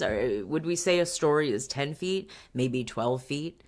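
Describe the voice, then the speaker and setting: A woman's voice: a bass voice, unhurried. A woman hosting a commentary show, reading a news article aloud and breaking off for wry asides. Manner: wry asides and frequent self-interruptions.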